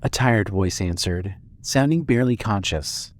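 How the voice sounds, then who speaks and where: A man narrating a fan audio drama with steady storytelling. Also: fairly low pitch, unhurried.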